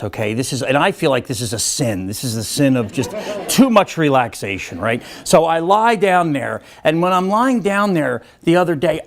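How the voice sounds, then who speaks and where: A man giving a motivational talk, telling a humorous story with animated, self-mocking delivery and acted-out voices. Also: mid-range voice. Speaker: motivational speaker. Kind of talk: storytelling keynote speech.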